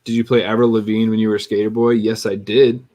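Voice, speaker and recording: A man's voice: fairly low pitch, little pitch movement, quick pace, mellow. A man casually chatting and telling stories while streaming a farming game. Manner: storytelling, laid-back. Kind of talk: casual gameplay chat.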